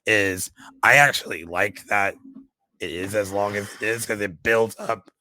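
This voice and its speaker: Male podcast co-host, slightly hoarse, low flat voice, rambling delivery, dry close mic. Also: measured pace, no echo, low-quality recording. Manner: rambling, with many fillers and restarts. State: voice a little shot. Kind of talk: casual movie podcast chat.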